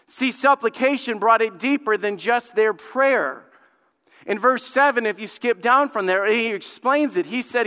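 Male pastor preaching, fervent, goes from hushed to loud, bright clear voice, big hall echo. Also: very high-pitched, a little slow. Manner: fervent, swings from hushed pleading to loud outbursts; repeats words when building a point. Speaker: lead pastor. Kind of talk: sermon. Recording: long hall reverb.

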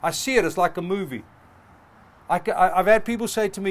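A man's voice: sits high, a little fast. A middle-aged male pastor preaching a sermon, passionate and emphatic, building through repeated phrases. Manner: passionate, emphatic with rising repetitions.

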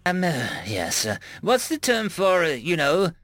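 A man's voice: high voice, sing-song, a little slow, fairly bright tone, no echo, clean studio sound, pitched above the performer's own voice, exaggerated voice. A man doing a stammering nervous IT tech. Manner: stammering, hesitant.

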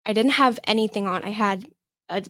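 A young woman from Michigan, a podcast guest telling a personal story in a halting way, with many fillers and restarts. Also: mid-range voice, fairly bright tone, no echo. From Michigan, USA.

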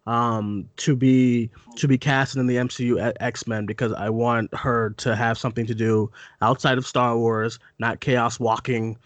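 A man's voice: mid-range voice, little pitch movement, unhurried, hardly any pauses, no room sound. A man hosting a casual movie podcast, loose and chatty, swearing now and then. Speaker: podcast host. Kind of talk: casual chat.

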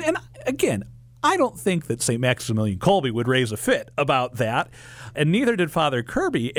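A man's voice: mid-range voice, no echo. A man hosting a radio show in an upbeat, chatty way. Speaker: radio host.

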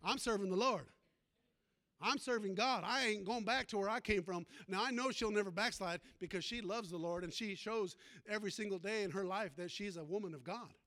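Pastor guy preaching, real high voice, folksy stories, keeps asking the church amen. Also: brisk, few pauses, pushed and bright. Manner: folksy storytelling preacher, calls to the congregation. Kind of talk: sermon.

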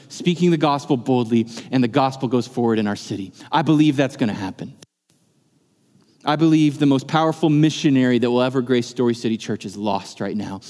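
A man's voice: mid-range voice, dark tone. A male pastor preaching a sermon in a church, earnest and building to impassioned emphasis. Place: church sanctuary. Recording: long reverb of a church hall.

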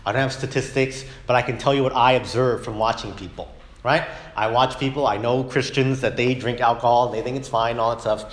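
A man's voice: medium pitch, steady tone, a little fast. A man teaching a Sunday school Bible lesson in a conversational way, often asking "right?" and acting out imagined speakers. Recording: echoey room.

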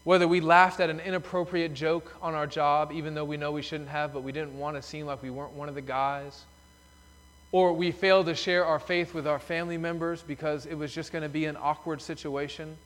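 A man's voice: fairly high pitch, little pitch movement, fairly quick, a bit bright. Emphatic preacher man in a reverberant church. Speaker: pastor. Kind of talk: sermon. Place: church sanctuary. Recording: long reverb of a church hall.

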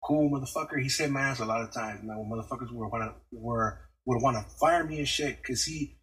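Husky, profane man ranting. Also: mid-range voice, a little fast, a bit bright, rough recording. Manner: profane, slangy storytelling. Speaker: podcast host. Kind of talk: casual rant.

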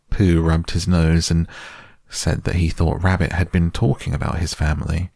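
A man reading a children's storybook aloud in a calm, measured way. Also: low voice, creaky, no echo, studio quality. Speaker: narrator.

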